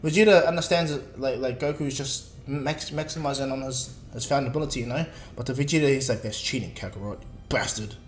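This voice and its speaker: A man's voice: mid-range voice, steady tone, brisk, few pauses, echoey room, slight background noise. A man casually narrating a fan-made story in a rambling way, with many fillers and restarts.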